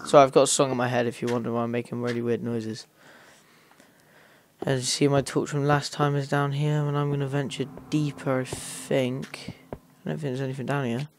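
A man's voice: medium pitch, level tone, normal speed, slight background noise. Chatty man narrating his gameplay. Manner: rambling, talks to viewers while playing. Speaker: gaming channel host. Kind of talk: casual gameplay commentary.

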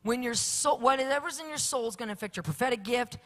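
A woman's voice: on the high side, quick pace, a bit bright. A woman preaching a sermon with an emphatic, repetitive cadence.

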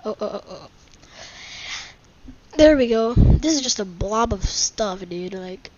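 A woman hosting a casual gameplay video at home, reacting excitably and bickering in exasperation with a friend who keeps teasing her. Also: on the high side, slow pace, pauses often, no echo. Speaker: gaming video host. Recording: dull lo-fi mic.

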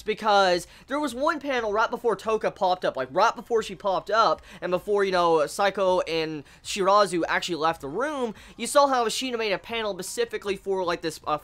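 A manga vlogger giving a casual review, excitable and rambling, who swears freely and exclaims in disbelief. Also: medium pitch. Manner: rambling with restarts.

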